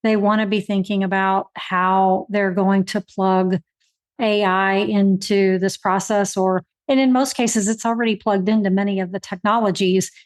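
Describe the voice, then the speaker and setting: A woman's voice: mid-range voice, flat delivery, moderate pace. A woman in a mid-range voice hosts an interview. She builds on her guest's points in an affirming, reflective manner. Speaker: podcast host. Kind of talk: interview conversation.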